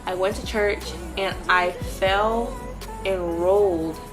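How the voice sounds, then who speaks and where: A young woman in her early twenties tells her faith testimony in a lively way, talking straight to the viewers. Her voice sits at a middle pitch, with faint music underneath. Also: slow pace. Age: early 20s. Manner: animated, talks straight to viewers. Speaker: vlogger sharing a faith testimony. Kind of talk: personal testimony storytelling.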